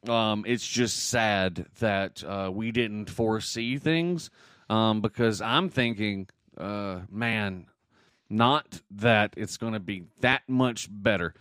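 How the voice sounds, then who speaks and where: A man's voice: on the low side, slow pace, clean tone, no echo. Man, podcast co-host, casual rambling chat, dry recording. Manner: tangent-prone, apologetic, animated storyteller.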